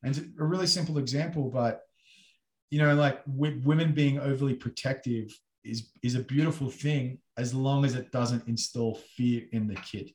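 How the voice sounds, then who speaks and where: A man's voice: medium pitch, normal speed. Aussie guy chatting, lots of you know like, echoey room. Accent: Australian. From Australia. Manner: animated storytelling with many fillers. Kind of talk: casual discussion.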